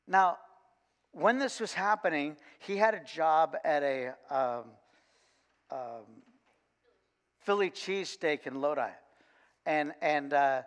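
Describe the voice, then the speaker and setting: A man, a coach, giving a sermon in a church and telling a lively, funny story with frequent restarts. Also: a little high. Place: church sanctuary. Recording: long church reverb.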